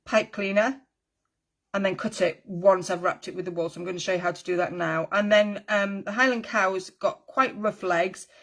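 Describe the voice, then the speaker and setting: Lady chatting thru a crafting tutorial, friendly, rambles a bit, lots of ums, mid pitch. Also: steady tone, normal speed, a bit bright. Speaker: needle felting teacher.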